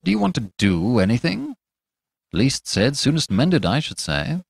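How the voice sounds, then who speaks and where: A man's voice: mid-range voice, wildly swooping pitch, a little slow, vocal fry, breathy edge, no room sound, clean studio sound, exaggerated voice. A man voicing a reckless young doctor who talks in a cool, sneering, worldly way.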